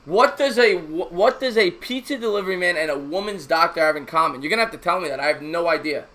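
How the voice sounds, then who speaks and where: Co-hosting a casual live sports talk stream, a man with a bright, forceful, rather high voice talks fast and expressively. He rambles, repeats himself, tells a meandering joke, and reads out viewer messages.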